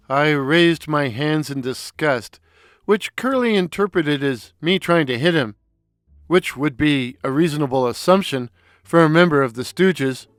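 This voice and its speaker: A man narrates his own comic story in an unhurried, wry manner. His voice sits a little high and moves slowly. The recording is dry and close, with faint music in the background. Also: expressive, a bit bright, dry recording. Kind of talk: first-person audio story narration.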